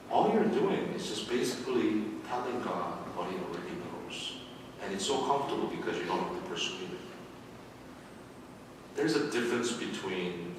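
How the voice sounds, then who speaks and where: A man preaching a sermon as pastor, animated and repeating his words, sometimes acting out voices. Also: fairly low pitch, noisy background. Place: church sanctuary. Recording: echoey hall from a distance.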